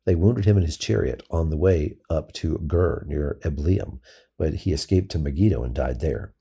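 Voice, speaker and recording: A man reading scripture aloud in a steady, measured way. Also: a bass voice, vocal fry, breathy edge. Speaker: scripture reader.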